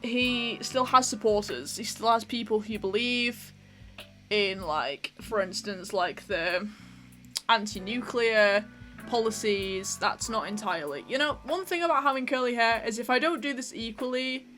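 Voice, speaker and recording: A woman's voice: fairly high pitch, measured pace, fairly bright tone, soft background music. A young woman hosting a vlog, chatting in an opinionated way and laughing often while she does her makeup. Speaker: vlog host. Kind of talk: casual chat while doing makeup.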